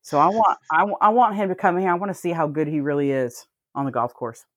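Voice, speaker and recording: A woman's voice: sits low, lively intonation, fast, no echo. A woman co-hosting a podcast, chatting casually and telling stories full of swearing and laughter. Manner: swearing storyteller, laughs often. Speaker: podcast co-host. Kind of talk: casual chat.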